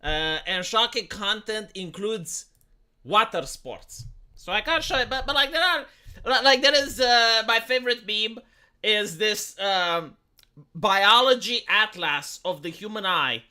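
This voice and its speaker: Streamer, young man, Romanian accent, squeaky and bright, stumbling restarts, reads chat mid-ramble. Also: measured pace, clean tone. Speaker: live streamer. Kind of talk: casual stream commentary.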